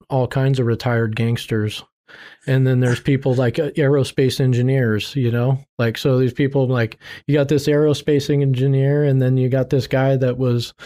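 A man's voice: mid-range voice, warm tone. A middle-aged man telling his life story in a candid, heartfelt interview, rambling and restarting as he speaks with plain faith. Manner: earnest, rambling with restarts and self-quotes. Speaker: interview guest sharing his testimony.

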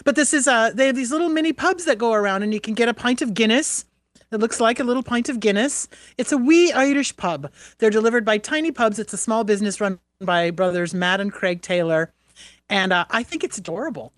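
A middle-aged woman from New Hampshire, co-hosting a radio show in casual chat, chatty and quick to laugh. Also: fairly high pitch, no room sound, clean studio sound. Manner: chatty, laughs easily, wanders between topics. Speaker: radio co-host.

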